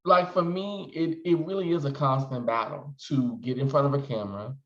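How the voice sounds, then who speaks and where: Man, 40s, expressive casual vlogger; roomy, slightly muffled recording. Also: mid-range voice, normal speed. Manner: chatty, expressive, calls viewers "honey". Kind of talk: casual chat to camera.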